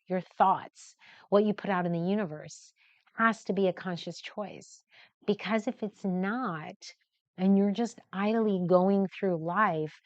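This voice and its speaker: Middle-aged woman hosting a livestream, earnest and candid, lowish voice, dull lo-fi sound. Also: a little mellow, no room sound. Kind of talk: motivational livestream talk. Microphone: camera mic at close range. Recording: dull, lo-fi and dry.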